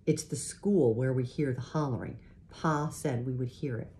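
A woman voicing a shy, hesitant older pioneer girl in a storybook, speaking quietly. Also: extremely low pitch, normal speed, a little hiss or hum. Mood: nervous.

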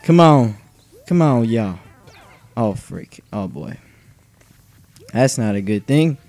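Young male let's-player, unhurried, anxious self-mocking banter with yelled outbursts; dry room, soft game music. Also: medium pitch, expressive, dry recording. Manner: nervous, self-mocking, bursts into yelling. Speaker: gaming channel host. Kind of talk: excited let's play commentary.

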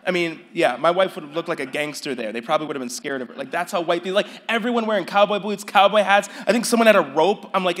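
A male pastor preaching a sermon, telling a story with animated swings from hushed, quiet passages to near-shouted peaks. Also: high voice, fast, hardly any pauses. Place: church sanctuary.

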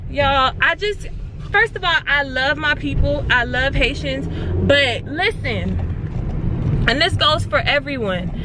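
A young woman vlogger telling a story in a casual, animated way to her viewers while loading her car outdoors, with faint traffic behind her. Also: high-pitched, takes it slowly.

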